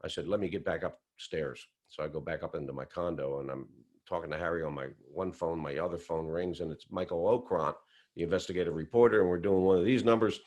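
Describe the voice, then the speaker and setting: A man's voice: fast, darkish tone, lo-fi sound. A man telling a story from his own life, acting out other people's quoted lines with big shifts in his voice. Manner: acts out quoted voices with big pitch swings. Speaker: speaker recounting whistleblowing story. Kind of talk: animated storytelling talk.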